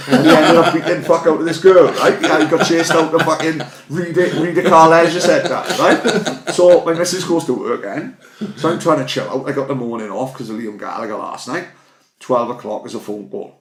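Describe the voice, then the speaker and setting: Welsh bloke, podcast co-host, rambling sweary anecdotes, echoey room. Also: male voice, medium pitch, a little fast. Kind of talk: casual pub-style chat.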